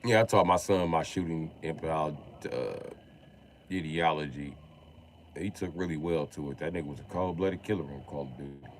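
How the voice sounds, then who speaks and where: A man's voice: rumbling low, moderate pace, slight background noise. A man on a live stream telling profane, jokey stories about playing games. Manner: profane, animated, jokey storytelling. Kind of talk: casual storytelling stream.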